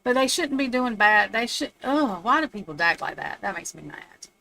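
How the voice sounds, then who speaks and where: Chatty woman, bright voice. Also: mid-range voice, animated, moderate pace, gravelly. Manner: chatty, rambling, laughs at her own remarks. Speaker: tarot reader streaming live readings. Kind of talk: casual live-stream reading. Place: home. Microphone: streaming setup.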